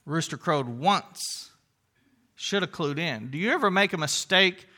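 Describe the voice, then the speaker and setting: A man preaching a sermon in a conversational way, retelling the story with lively asides to the congregation. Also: on the high side, unhurried.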